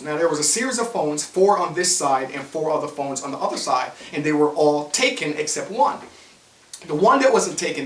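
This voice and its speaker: A bright-voiced man tells a motivational story, animated and playful, acting out each part of the dialogue. He sounds a little far from the mic, in an echoey room. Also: on the high side. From Jamaica. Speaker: motivational speaker.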